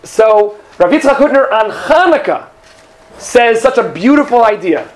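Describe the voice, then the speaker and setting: A man with a high, light voice teaches a class about a holiday prayer. He talks casually and animatedly, slipping into jokes and acting out little scenes for his students. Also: measured pace. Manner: animated storytelling with joking asides. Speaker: Torah teacher. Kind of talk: classroom lesson.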